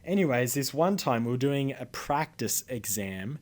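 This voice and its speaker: An Australian teenage boy vlogging a complaint, talking in loose, rambling runs full of "um" and "anyways". His mid-pitched voice carries a defiant, indignant edge, with casual swearing throughout. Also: animated, normal speed. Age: teens. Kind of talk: casual storytelling to camera.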